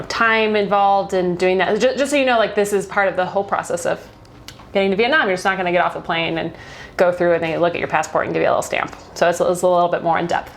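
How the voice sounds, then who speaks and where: A woman's voice: mid-range voice, a little hiss or hum. A young American woman giving a casual travel guide as a vlogger, chatty and upbeat, laughing between points. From United States.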